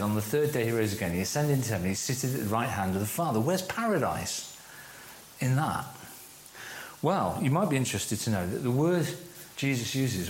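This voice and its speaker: A man leading a church course, giving a teaching talk to a group and slowing down to stress key phrases. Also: medium pitch, a little hiss or hum. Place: room with a live audience. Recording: echoey room.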